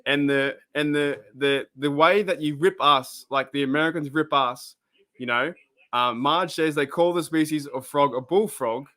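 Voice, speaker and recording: Australian male streamer, casual rambling chat, slightly high voice. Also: steady tone, moderate pace, bright, forceful tone. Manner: rambling, chatty, laughs often. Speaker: live-stream host.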